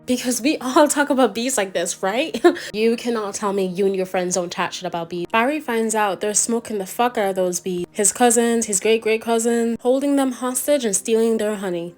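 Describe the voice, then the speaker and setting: Young woman, comedic movie recap, crude, sarcastic, middle pitch. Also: normal speed, a little mellow.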